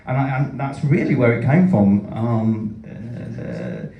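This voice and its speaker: A man's voice: medium pitch, wildly swooping pitch, slow pace, vocal fry, dull audio. A man from Yorkshire, an author chatting at a book launch, telling rambling, self-mocking stories. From Yorkshire, England. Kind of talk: casual chat at a live book launch. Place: event room. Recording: roomy hall, mic far off.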